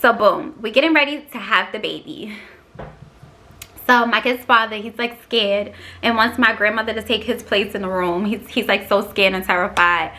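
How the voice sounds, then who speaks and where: Bright-voiced New woman telling a story. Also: medium pitch, normal speed. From Queens, New York. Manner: chatty and frank, peppered with swearing and fillers. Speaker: vlogger. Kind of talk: casual story time.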